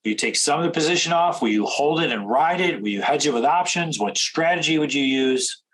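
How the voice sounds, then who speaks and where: A man coaching traders in a direct instructional talk, firing off rapid questions. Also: on the high side, animated, a bit bright, a little hiss or hum, rough recording. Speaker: trading coach.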